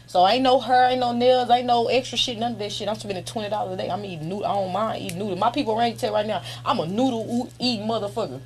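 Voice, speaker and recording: A young woman talks candidly as an interview guest, blunt and heavy with profanity. She laughs often and speaks at a middle pitch. A faint hum sits behind her voice. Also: steady tone, very fast, hardly any pauses, darkish tone. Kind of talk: casual candid chat.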